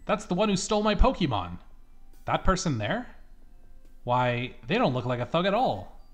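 A man's voice: a little high, sing-song, moderate pace, soft background music, voice pushed up. A man voicing an angry old woman in a video game who rants and accuses everyone. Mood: indignant. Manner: indignant ranting.

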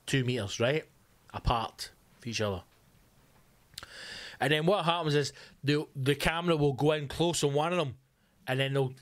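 A man's voice: mid-range voice, no echo. A man hosting a podcast, ranting comically with sarcastic swearing asides. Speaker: podcast host. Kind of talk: comic rant. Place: home room.

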